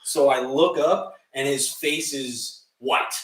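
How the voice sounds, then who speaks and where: A young man co-hosting a podcast, telling a story casually, animated and swearing, often laughing and acting out other people's voices. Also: medium pitch, slow, echoey room, far from the mic, rough recording. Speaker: podcast co-host.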